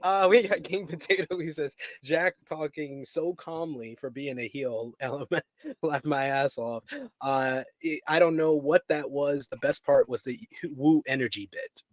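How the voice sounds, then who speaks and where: A man's voice: mid-range voice, a little slow, darkish tone, no echo. A man co-hosting a wrestling review show in casual chat, reading out viewer comments and donations and laughing often.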